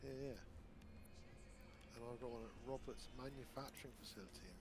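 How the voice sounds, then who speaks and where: A man playing a video game with friends, chatting casually and agreeably, often with short quick replies. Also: mid-range voice, background noise. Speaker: co-player. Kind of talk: casual gaming chat.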